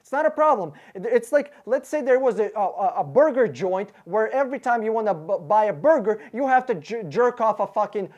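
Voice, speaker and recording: A man's voice: high voice, lively intonation, brisk, hardly any pauses, a little mellow, dull audio. A man hosting his car-buying channel, ranting angrily and sarcastically while working out costs aloud, swearing freely and often stumbling over his words. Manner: angry, profane, sarcastic, thinks aloud through sums. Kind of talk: casual rant to camera.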